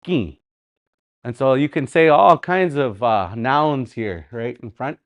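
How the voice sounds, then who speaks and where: A man with a Canadian Dakota community accent, teaching a live online language class in a relaxed, conversational way, repeating example words and going off on friendly asides. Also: medium pitch, takes it slowly, no echo. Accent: Canadian Dakota community English.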